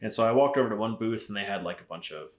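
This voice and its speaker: Low-voiced man telling a rambling, profane story. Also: animated, very fast. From Arizona, USA. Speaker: podcast guest, rifle company founder. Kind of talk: casual chat. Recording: roomy echo.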